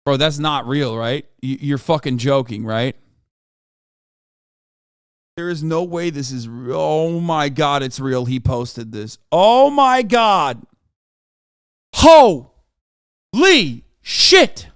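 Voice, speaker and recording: A man's voice: mid-range voice, takes it slowly, pauses often, clean tone, no echo, clean studio sound. A man hosting a casual live-stream reaction, talking bluntly with lots of swearing and incredulous outbursts. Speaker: streamer host.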